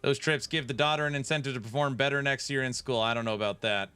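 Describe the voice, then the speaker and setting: Male streamer, thirties, bright voice, playful teasing banter while gaming. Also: mid-range voice, steady tone, quick pace, smooth, no echo. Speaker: game streamer. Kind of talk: live gaming stream chat.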